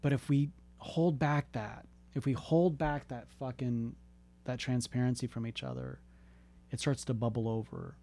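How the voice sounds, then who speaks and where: A man's voice: mid-range voice, steady tone, measured pace, creaky, warm tone. A man in his thirties talking bluntly and with lots of swearing, urging listeners to be open and ask for help. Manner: profane, blunt, impassioned. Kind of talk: candid motivational talk.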